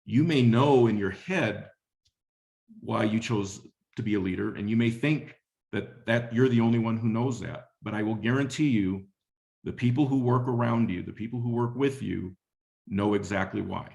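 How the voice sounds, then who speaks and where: Low-voiced man telling a leadership story. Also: moderate pace, gravelly, a little mellow. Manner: conversational storyteller, repeats phrases. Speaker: webinar speaker on leadership. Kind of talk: motivational talk with anecdote.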